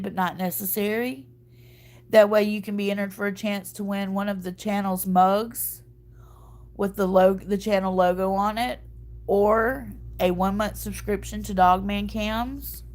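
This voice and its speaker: Woman stream host, tired after crying, warm casual chatter with frequent laughs and verbal slips. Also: mid-range voice. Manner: chatty, laughing, tripping over words. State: tired from crying and little sleep. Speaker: livestream host. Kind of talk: casual chat.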